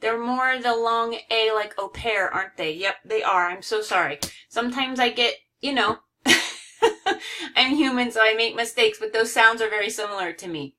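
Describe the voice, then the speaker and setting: A woman's voice: fairly high pitch, moderate pace, bright, forceful tone. A woman teaching a recorded phonics lesson, carefully overpronouncing example words.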